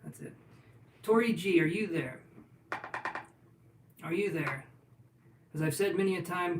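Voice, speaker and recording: A man's voice: high voice, unhurried, pauses often, recorded from a distance. A man reading tarot cards on a casual livestream, chatting and joking as he answers viewers' questions. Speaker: tarot reader. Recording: roomy sound from off-mic, faint room noise.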